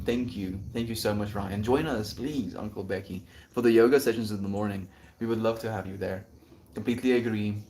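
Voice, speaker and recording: A man with a lowish voice hosts his daily stream and reads out chat messages. He talks reflectively and loosely, leaning on "like" and "you know" as he thinks aloud, and keeps a friendly, thoughtful tone toward his viewers. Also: darkish tone, slight background noise. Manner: reflective and rambling, heavy with fillers. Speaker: livestreamer. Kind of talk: daily livestream, answering chat.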